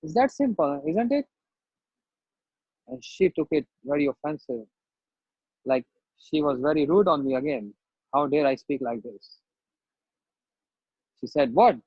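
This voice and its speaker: A man's voice: fairly high pitch, expressive, a little slow, long pauses, darkish tone, husky, no room sound, lo-fi sound. A man giving a devotional sermon, telling a personal story conversationally and acting out the voices of the people in it, with non-native English phrasing. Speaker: spiritual teacher.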